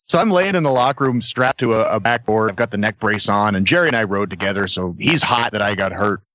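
A man, a guest on a podcast, telling a backstage anecdote in a casual, animated way and laughing as he goes. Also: on the low side, brisk, no echo. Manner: animated storyteller, laughs between lines, acts out other voices. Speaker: guest, former wrestler.

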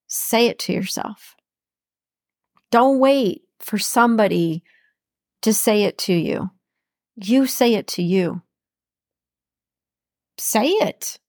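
A woman's voice: mid-range voice, expressive, takes it slowly, pauses often, no room sound, studio quality. A woman hosting a podcast alone, talking in an affirming, encouraging way and repeating her words of support. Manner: warm affirming, repeats phrases, speaks imagined words of encouragement. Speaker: podcast host. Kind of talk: encouraging solo podcast talk.

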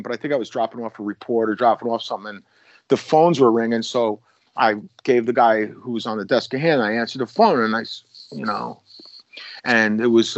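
This American ex-cop speaks in a mid-range voice on a lo-fi recording with no echo. Relaxed, he works through a lengthy tale, frequently starting over and performing the quoted lines.

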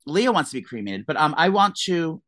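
Woman cohost, low voice, rambly and jokey, dry close mic. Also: big pitch swings, fairly quick, a bit bright, dry recording. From New Jersey. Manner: joking, rambling, lots of fillers. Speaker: podcast co-host. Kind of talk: casual chat.

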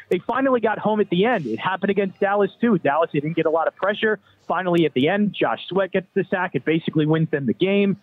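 A man with a Philadelphia accent breaking down a football matchup as a guest analyst, thinking aloud with some filler words. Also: fairly high pitch. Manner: thoughtful, hedging with filler words. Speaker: radio show host as guest. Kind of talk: sports betting analysis. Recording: dry tinny phone line.

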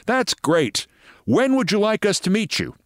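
A man's voice: high-pitched, sing-song, measured pace, dry recording, clean studio sound, voice pushed up. A man voicing an eager, accommodating race organizer with a thick European accent who repeats himself. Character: eager middle-aged man running a tiny marathon office.

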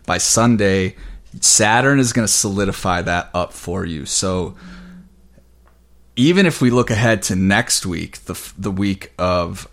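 Low-voiced man astrologer, chatty and excitable, a touch winded. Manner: casual, excited, rambling with fillers. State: slightly out of breath. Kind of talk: weekly astrology forecast.

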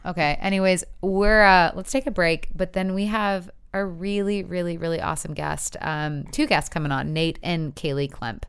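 A woman's voice: lowish voice, normal speed, hardly any pauses, smooth. A woman in her thirties co-hosting a podcast, chatting casually and telling stories full of fillers. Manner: chatty, lots of fillers, animated storytelling. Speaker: podcast co-host. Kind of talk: casual chat.

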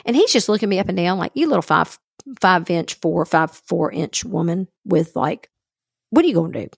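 A podcast co-host with a low, gravelly woman's voice tells a story in casual chat, animated and acting out the quoted dialogue. She speaks at a moderate pace, and the studio-quality recording has no room sound.

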